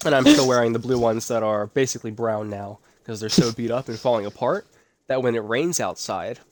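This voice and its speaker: Male podcast co-host, medium pitch, easygoing and self-mocking. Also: a little fast. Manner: laid-back, self-deprecating, offhand. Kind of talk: casual chat.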